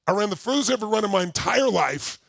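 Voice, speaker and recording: An older man giving a workshop talk to a live audience, telling a personal story with lots of energy and shouting out repeated phrases. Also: sits high, expressive, fast, vocal fry, no room sound. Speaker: motivational speaker.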